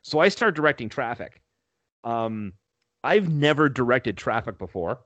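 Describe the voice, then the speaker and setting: A man's voice: mid-range voice, big pitch swings, a little slow, a bit bright, no echo. A man casually telling a profane story on a podcast, often laughing as he talks.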